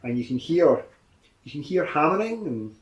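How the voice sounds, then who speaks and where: A man narrating as game master, describing outcomes in a calm, matter-of-fact way. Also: on the high side, normal speed, lo-fi sound, a little hiss or hum.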